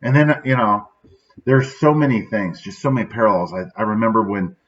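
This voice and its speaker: A man's voice: fairly low pitch, brisk, fairly bright tone. Sad, reflective man with a muffled, distant sound. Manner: casual, reflective, peppers speech with "right?". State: sad, subdued. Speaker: podcast host. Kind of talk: daily motivational talk.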